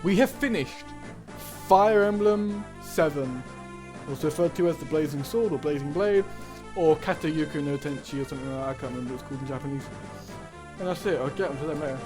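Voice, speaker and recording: A man's voice: a little high, rapid-fire, music in the background. Chatty man doing game commentary. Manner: offhand, chatty asides. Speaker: video game player narrating. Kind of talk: casual let's-play commentary.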